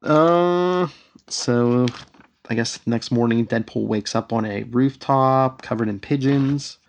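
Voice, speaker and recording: Gravelly man animatedly recapping comics. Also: medium pitch, takes it slowly. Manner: animated, reads out character lines with shifting emphasis. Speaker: podcast host recapping comics. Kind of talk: casual comic book recap chat.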